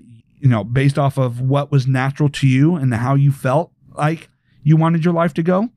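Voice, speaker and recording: A man's voice: fairly high pitch, dark tone, dry recording, studio quality. A man hosting a podcast, lecturing his listeners in a provocative way and firing rhetorical questions at them. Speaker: podcast host. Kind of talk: opinionated podcast monologue.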